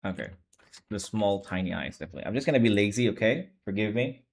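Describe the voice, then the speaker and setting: A young man, sleepy and low on energy, chats casually on a live stream while drawing manga. His voice is lowish, animated and fast with vocal fry, and his talk rambles in a laid-back way, constantly correcting itself.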